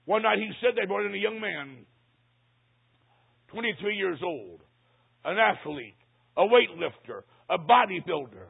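Gravelly older man preaching a story. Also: high-pitched, very animated. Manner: dramatic storyteller, slows for emphasis. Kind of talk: sermon storytelling. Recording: tinny phone-like recording.

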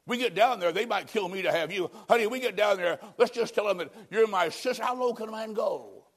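A male preacher delivering an evangelistic sermon, swinging between loud emphatic lines and hushed, near-whispered endings. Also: high-pitched, expressive, brisk.

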